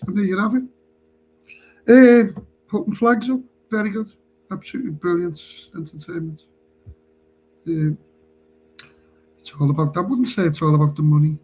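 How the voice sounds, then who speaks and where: A man's voice: high voice, moderate pace, pauses often, darkish tone, slight background noise, low-quality recording. A man telling a rambling story on a live stream, chatty and laughing as he goes.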